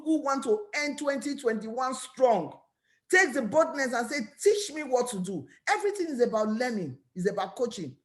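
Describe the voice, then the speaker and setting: High-voiced woman with a Nigerian accent, pitching eagerly. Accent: Nigerian English. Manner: energetic, repetitive, preachy. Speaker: network marketing business owner. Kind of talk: motivational talk to camera.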